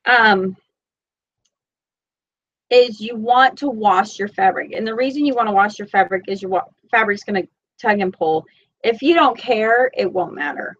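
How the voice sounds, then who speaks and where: A woman's voice: mid-range voice, moderate pace, fairly bright tone, dull audio. A woman with a Southern Florida accent, teaching a live-streamed sewing tutorial from home in a chatty, rambling, self-deprecating way. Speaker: sewing instructor. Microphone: computer mic.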